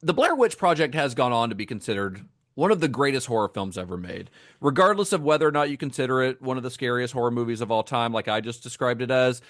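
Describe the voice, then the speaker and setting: A man co-hosting a film podcast, chatting casually and with enthusiasm, often restarting his sentences. His voice sits at a middle pitch and sounds dry and close to the mic, with no room echo. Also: lively intonation, quick pace. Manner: enthusiastic, frequent fillers and restarts. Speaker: podcast co-host.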